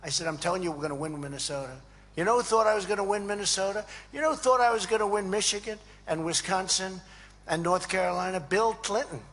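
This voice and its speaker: At a political event in a large hall, a man gives a rambling, emphatic rally speech to a crowd. He repeats phrases and acts out quoted dialogue in a high, fast, somewhat bright voice.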